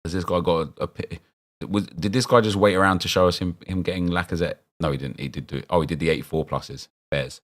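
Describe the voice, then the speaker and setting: A man's voice: low voice, fairly even intonation, quick pace. A young man chatting casually as he streams a football game, rambling and answering his viewers' chat as he reacts to picks.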